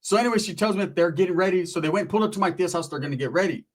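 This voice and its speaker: Casting: male comic storyteller, rambling and profane, voice on the higher side. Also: rapid-fire. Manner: profane, rambling, slips into impressions of relatives. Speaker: comedic storyteller. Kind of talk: casual comedic storytelling monologue.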